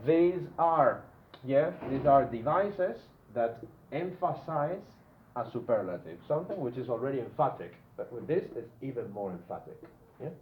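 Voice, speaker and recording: Man teaching a class in an echoey room. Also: medium pitch. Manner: checks in with the class, frequent "yeah?". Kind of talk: classroom grammar lesson. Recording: echoey room, tinny phone-like sound, faint noise.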